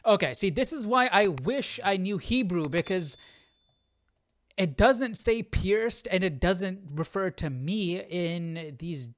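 A man's voice: high voice, expressive, slow. A man hosting a casual reaction video, chatty and curious, thinking aloud as he reads through texts. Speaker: host.

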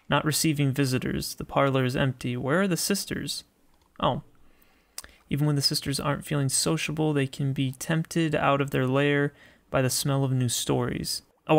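A man playing a video game, reading its text aloud and reacting with chatty, excitable asides as he thinks out loud. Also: mid-range voice. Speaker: let's play gamer.

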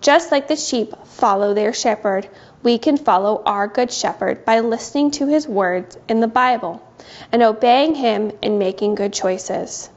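A woman giving a gentle, sing-song Bible lesson to small children. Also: a little high, unhurried, muffled recording. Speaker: children's teacher.

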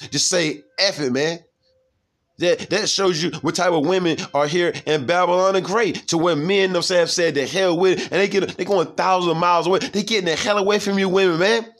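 A man's voice: high voice, a little fast, fairly bright tone. A man preaching from scripture in a heated, profane way, reading verses aloud and breaking in again and again to ask his listeners if they see. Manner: profane, heated, keeps asking "you see?"; reads verses aloud, then comments on them.

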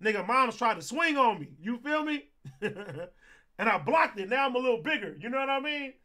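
A young streamer, telling a wild story in a very high, bright, cutting voice. He swears freely and acts out every quote. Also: a little fast. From Compton, California. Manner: animated, profane storytelling, acting out quotes. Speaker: streamer host. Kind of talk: casual storytelling on a livestream.

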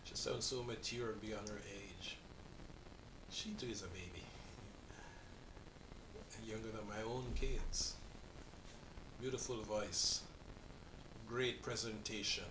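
A man's voice: fairly low pitch, steady tone, slow, long pauses, roomy sound, far from the mic, background noise. A man in his forties with a Caribbean accent, hosting a reaction video in earnest, rambling talk that restarts its sentences. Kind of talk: casual reaction commentary.

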